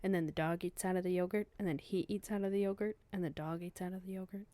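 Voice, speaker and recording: A woman's voice: on the low side, fairly even intonation, fast talker, mellow, dry recording. A woman co-hosting a faith podcast who chimes in with jokey asides. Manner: jokey interjections and playful asides. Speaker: podcast co-host. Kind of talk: casual chat.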